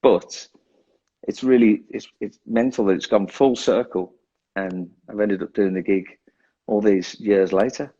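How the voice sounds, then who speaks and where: A man's voice: fairly low pitch, fairly even intonation, unhurried, warm tone, slightly rough, highs cut off. A drummer being interviewed, a man talking in a casual, self-deprecating way who laughs often and restarts his sentences. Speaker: guest drummer.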